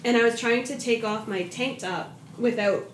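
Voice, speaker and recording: A woman's voice: on the high side, moderate pace. A woman telling a rambling story in casual chat, full of fillers like "like". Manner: rambling, filler-heavy, interjects. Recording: echoey room with faint noise.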